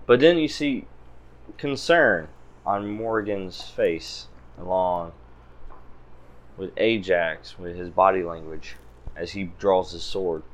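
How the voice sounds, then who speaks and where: A male game master narrating a tabletop game. His voice sits low and his delivery is easygoing and relaxed. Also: takes it slowly, pauses often.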